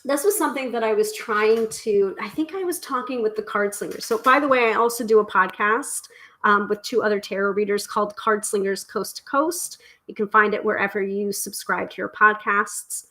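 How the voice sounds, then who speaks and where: A woman's voice: medium pitch, normal speed, sharp tone, rough recording. Chatty, exuberant New woman streaming live. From United States. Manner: chatty and exuberant, with many fillers and restarts. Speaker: tarot reader and live stream host. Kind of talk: casual live stream chat.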